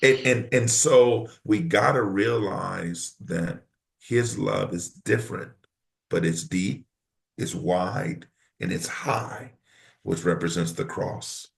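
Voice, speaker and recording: A man's voice: on the low side, slow pace, vocal fry. A middle-aged man, a pastor and podcast guest, speaking in an emphatic, preacherly cadence while counseling in conversation.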